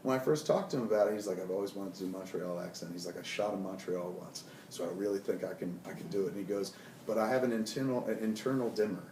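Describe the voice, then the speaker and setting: A man in his forties, a film director, animated and profane, telling stories from a film set in an interview and quoting people in put-on voices. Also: low-pitched, fast talker, few pauses. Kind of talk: interview storytelling. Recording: roomy, from far off, faint noise.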